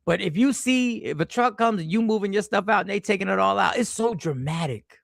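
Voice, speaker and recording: Animated, gravelly man hosting a livestream. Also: high voice, fairly quick, no echo, studio quality. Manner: animated, slangy, reacts to chat with sudden exclamations. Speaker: livestream host. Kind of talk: casual livestream chat reading comments. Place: airport.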